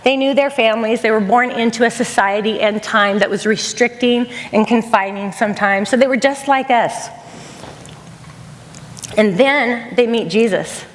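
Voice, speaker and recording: Middle-aged woman, higher voice, earnest chapel talk, long hall echo. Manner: earnest and conversational, repeats phrases for emphasis. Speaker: chapel speaker. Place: college chapel.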